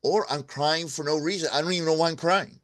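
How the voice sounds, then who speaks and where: A man with a slightly high, fairly bright voice talks quickly to camera, hosting a vlog with marriage advice. He's earnest and candid yet casual, often checking in with "okay?" and drawing on examples from his own life.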